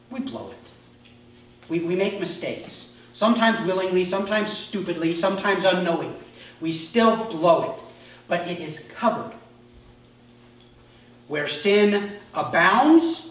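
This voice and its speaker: High-voiced, slow-preaching male pastor, emphatic, distant mic in a very echoey church. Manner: emphatic, drops to soft asides then rises sharply. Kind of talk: sermon. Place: church sanctuary. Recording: echoey church hall from far off.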